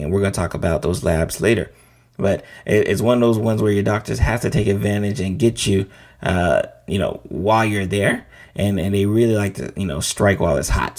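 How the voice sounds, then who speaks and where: Middle-aged guy doctor talking health stuff, kinda low voice, keeps saying right?. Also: a little mellow. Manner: conversational, frequent "right?" asides. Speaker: physician host. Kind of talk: casual educational talk.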